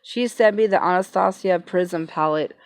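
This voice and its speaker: A woman's voice: lowish voice, moderate pace, no echo. Emotional woman gushing over gifts. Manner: hesitant, many fillers and restarts. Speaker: vlogger. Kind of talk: casual unboxing vlog. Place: home, passing cars heard outside.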